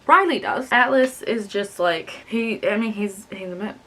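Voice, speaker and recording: A young woman casually reviewing a novel in a blunt, expressive, sweary way. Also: mid-range voice, moderate pace. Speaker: book reviewer. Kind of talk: casual book review vlog.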